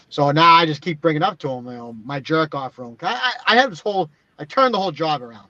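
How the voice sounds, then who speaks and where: A man's voice: a little high, animated, fast talker, few pauses, bright, forceful tone, no room sound. A man co-hosting a casual chat, telling blunt, profane stories packed with "like" fillers. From Boston area. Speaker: podcast co-host. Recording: dull lo-fi sound.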